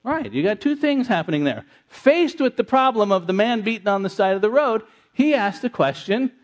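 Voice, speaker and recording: A middle-aged man preaching an interactive sermon, conversational and animated, repeating answers from the congregation. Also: high-pitched, moderate pace, few pauses. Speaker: pastor.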